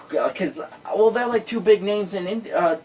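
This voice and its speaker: An excitable man tells a story in casual chat, scattering filler words as he goes. He sits some way back from the microphone, with faint noise underneath. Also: sits high, slow, far from the mic, low-quality recording. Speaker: host.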